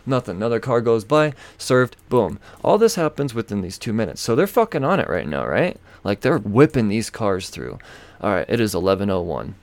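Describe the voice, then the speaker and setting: A man's voice: fairly low pitch, very animated, moderate pace, no echo. A man hosting a podcast, telling a story in a casual, profane, exasperated rant. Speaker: podcast host.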